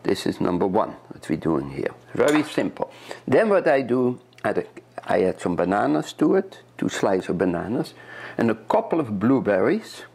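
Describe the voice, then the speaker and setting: A man's voice: fairly low pitch, very animated, normal speed, creaky, a little mellow, slightly rough. A man from Europe, a chef, chatting step by step through a cooking demonstration in a kitchen and often repeating his words.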